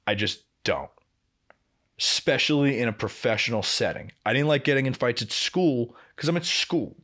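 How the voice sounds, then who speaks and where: A man in his twenties co-hosting a podcast, telling a work story in a casual, profane, animated way. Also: medium pitch, normal speed. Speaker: podcast co-host.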